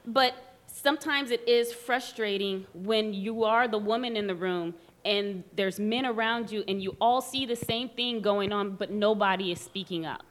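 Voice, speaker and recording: A woman with a mid-range voice chats casually at a normal speed, telling stories animatedly and acting out the voices of the people she quotes.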